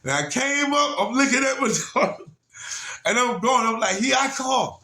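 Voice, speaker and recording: A middle-aged man telling an emotional personal story, often getting loud and excited as he retells it. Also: extremely high pitch, normal speed. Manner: animated, grows loud and excited retelling the rescue.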